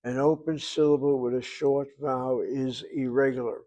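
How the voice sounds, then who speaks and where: A man's voice: mid-range voice, fairly even intonation, moderate pace, mellow. A man teaching a Hebrew grammar lesson, explaining patiently and methodically and repeating words as drills.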